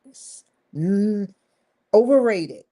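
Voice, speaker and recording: Slow-talking, blunt woman vlogger. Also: mid-range voice, animated, dark tone. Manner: rambling and candid, heavy swearing. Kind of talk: casual monologue to camera.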